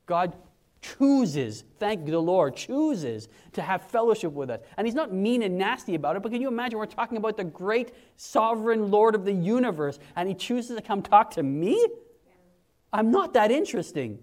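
A man in his forties preaching a sermon in a conversational, animated way, acting out quotes in hushed and raised voices. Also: high-pitched, normal speed. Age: 40s.

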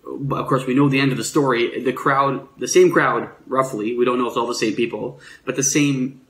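A man's voice: medium pitch, fairly even intonation, a little fast, fairly bright tone. Man preaching conversationally in an echoey room. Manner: conversational, explanatory, with frequent fillers and restarts. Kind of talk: sermon.

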